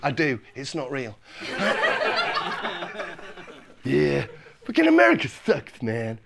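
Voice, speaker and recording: A man's voice: on the high side, huge pitch swings, takes it slowly, creaky, fairly bright tone, pitched below the performer's own voice, full character voice. A man voicing a crude, swaggering American bus passenger who swears constantly.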